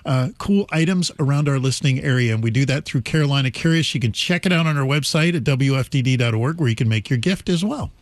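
A man speaking on public radio during a fund drive, relaxed and conversational, with a few filler words as he goes. He is heard close and dry on a studio microphone. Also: mid-range voice, fast, few pauses, dry recording. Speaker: station general manager. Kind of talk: on-air fund drive appeal.

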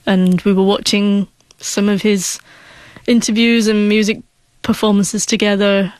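A woman's voice: mid-range voice, flat delivery, unhurried, a little mellow, no echo. A young woman with a stutter, telling a heartfelt personal story as an interview guest, sometimes getting emotional.

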